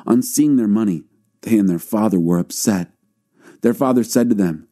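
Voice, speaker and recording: A man reading scripture aloud in a calm, measured narration. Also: fairly low pitch. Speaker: audio Bible reader.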